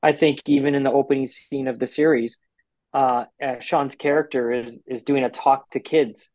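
A man giving an interview about a TV series he works on, talking with lively restarts and acted-out quotes. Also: medium pitch, no echo, low-quality recording. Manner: animated, quick restarts and quoted asides.

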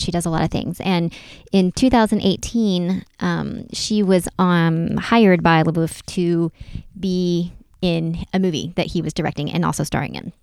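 A woman's voice: lowish voice, a little mellow, clear, resonant tone, no room sound. A woman co-hosting a podcast, summarizing in casual chat full of "like" and "um". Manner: chatty, lots of "like" and "um" fillers. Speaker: podcast co-host.

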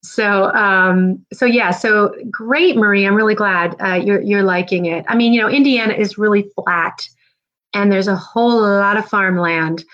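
A woman's voice: mid-range voice, unhurried, fairly bright tone, highs cut off. A middle-aged woman from New Jersey hosting a live stream, chatting casually and rambling with lots of fillers. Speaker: podcast host.

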